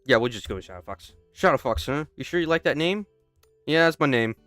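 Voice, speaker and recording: A man's voice: medium pitch, expressive, a little fast, a bit bright, no room sound, soft background music. Young man reading a game aloud. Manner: stops and restarts, breaks off into joking asides. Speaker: gamer. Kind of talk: casual playthrough commentary, reading game text aloud.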